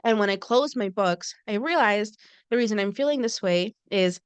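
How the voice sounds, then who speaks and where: A woman's voice: mid-range voice, lively intonation, moderate pace, clean tone, no room sound. A woman co-hosting a podcast, telling a personal story in casual chat and acting out quoted lines. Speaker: co-host.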